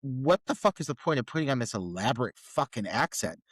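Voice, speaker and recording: A man's voice: mid-range voice, big pitch swings, fairly quick, no room sound. A man co-hosting a horror movie podcast, picking apart plot holes in a profane, incredulous rant. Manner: incredulous, profane ranting critique. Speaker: podcast co-host. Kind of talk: casual movie review chat.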